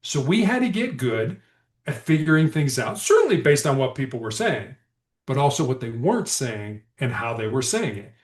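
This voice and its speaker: Recorded in an echoey room, a former hostage negotiator guesting on a podcast speaks in a sing-song, mid-range voice at normal speed. He tells his stories conversationally, performing the quoted dialogue with animation.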